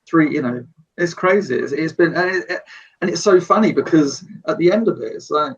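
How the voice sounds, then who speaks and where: A storyboard artist chats as a guest on a casual podcast, enthusiastic and rambling, frequently restarting sentences at a moderate pace. His husky, slightly high voice comes from a bit away from a remote mic, and the recording is dull and lo-fi.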